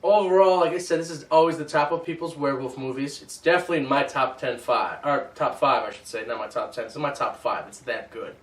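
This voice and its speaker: A man hosting a casual movie review chat, animated and teasing. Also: mid-range voice, fast, few pauses. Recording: roomy echo, mic at a distance.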